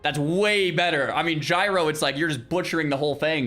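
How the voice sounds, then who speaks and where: A young man streaming, chatting casually with his viewers in an animated way, with lots of restarts and loud exclamations. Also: on the high side, fairly quick, faint music behind. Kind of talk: casual livestream chat with viewers.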